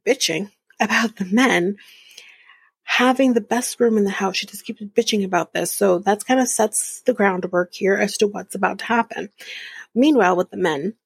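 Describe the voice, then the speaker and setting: A woman recaps a reality show on her podcast, blunt and exasperated, and she swears as she goes. Her voice has a gravelly, husky edge. She is recorded close up in a dry, dead room. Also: medium pitch, dry recording. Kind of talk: casual recap commentary.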